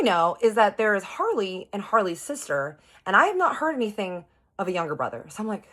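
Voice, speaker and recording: A young woman telling a long personal story to her viewers in a chatty, animated, slangy way. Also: medium pitch, fairly quick. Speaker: storytime vlogger.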